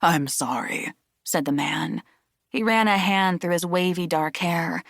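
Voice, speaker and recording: Lowish-voiced woman narrating an audiobook. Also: unhurried, creaky, a bit bright, dry recording, clean studio sound. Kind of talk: scripted narration.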